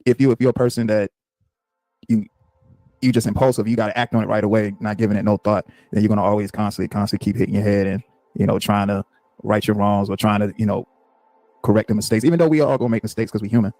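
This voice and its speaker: A man interviewing a guest in a calm, measured, agreeable way. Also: on the low side, dry recording.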